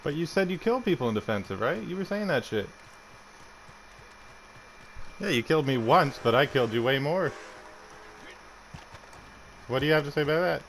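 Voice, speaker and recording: A man's voice: fairly high pitch, expressive, brisk, pauses often, a bit bright, slight background noise. Taunting, foul-mouthed young man gamer. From Canada. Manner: taunting, profane, mocking. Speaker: gamer streamer. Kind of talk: trash-talking game commentary.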